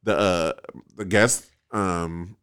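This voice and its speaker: A man's voice: low-pitched, fairly even intonation, very slow, a bit bright, clean tone. A man hosting a podcast in a studio, chatting casually, agreeable and swearing freely. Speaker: podcast host. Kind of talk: casual chat.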